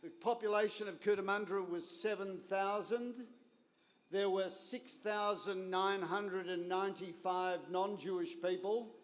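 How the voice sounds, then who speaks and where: Slow, wry Australian man in a hall. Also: high-pitched, fairly even intonation. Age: 50s. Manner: deliberate, wry, with comic timing. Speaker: guest speaker at a gala dinner. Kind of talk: humorous storytelling speech. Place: large banquet hall. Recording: reverberant hall.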